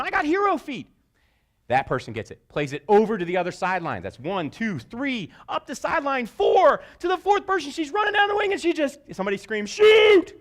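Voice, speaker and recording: A middle-aged man giving a motivational talk to sports parents, telling stories and jumping into high shouted voices for quotes. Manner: animated storyteller, jumps into high-pitched shouted voices for quotes. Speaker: speaker.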